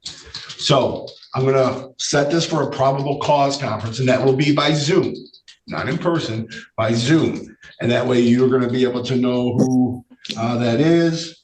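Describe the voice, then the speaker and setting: A male judge with a voice he says is giving out, speaking in a measured way, often repeating phrases and using fillers during a courtroom hearing. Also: mid-range voice, a little mellow. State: losing his voice. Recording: echoey room, distant mic, faint noise.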